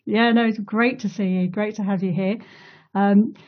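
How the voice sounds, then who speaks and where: A woman's voice: mid-range voice, fairly even intonation, normal speed, lo-fi sound. A woman hosting a casual online interview, chatty, laughing easily and using many fillers, speaking over a video call. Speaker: host of an online community talk.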